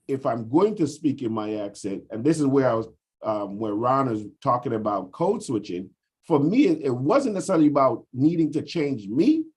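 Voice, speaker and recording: Husky man from the Virgin Islands. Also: medium pitch, darkish tone. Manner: reflective, explains at length with frequent fillers. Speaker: discussion group member. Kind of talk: casual group discussion. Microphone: video call.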